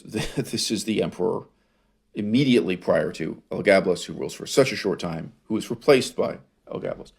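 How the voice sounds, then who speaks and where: A man's voice: sits low, creaky, a little mellow. A man lecturing on ancient history, reading source passages aloud and commenting on them with wry humor and rhetorical questions. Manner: wry, laughs at his own source readings; rhetorical questions, drawn-out emphasis.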